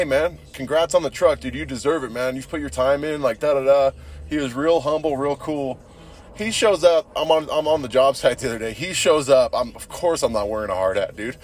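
A young man hosting a podcast, telling a rambling, crude story and cursing a lot, filling it with "dude". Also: mid-range voice. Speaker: podcast host. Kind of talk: casual profane storytelling.

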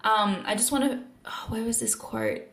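A woman's voice: a little high, normal speed, fairly bright tone, roomy sound. A woman hosting a casual faith-based podcast monologue, earnest and encouraging, with lots of filler words. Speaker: podcast host.

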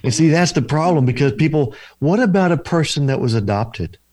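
A man's voice: fairly high pitch, lively intonation, fairly quick, a little mellow, no echo. A man, a deliverance minister and counselor, telling stories in an interview in an earnest, repetitive preaching cadence. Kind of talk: interview storytelling.

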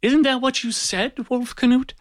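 Man putting on a high calm little schemer. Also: moderate pace, no echo, studio quality. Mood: needling. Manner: strangely calm and soothing. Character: small round calm-voiced male pirate schemer.

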